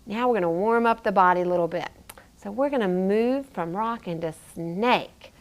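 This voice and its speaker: A woman's voice: medium pitch, normal speed. A woman yoga teacher and physical therapist guiding a child through a yoga class, encouraging and playful, with animal sounds.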